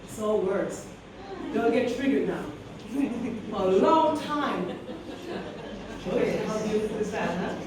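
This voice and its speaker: A woman's voice: mid-range voice, lively intonation, measured pace, pauses often, crowd noise. A woman giving a motivational keynote to teachers, sassy and preacher-like, calling out to her audience in a school hall. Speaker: keynote speaker. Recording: very echoey hall recorded from a distance.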